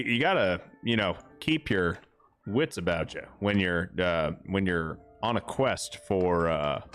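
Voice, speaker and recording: Joking, low-voiced gaming streamer man. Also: fairly bright tone. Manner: joking, rambling and crude. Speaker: livestream host. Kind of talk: casual gaming commentary.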